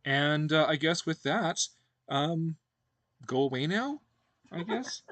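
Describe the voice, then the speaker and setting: A man hosting a casual livestream chat, rambling with many fillers and pauses. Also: fairly high pitch, animated, background noise. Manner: rambling, lots of fillers and hesitations. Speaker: host.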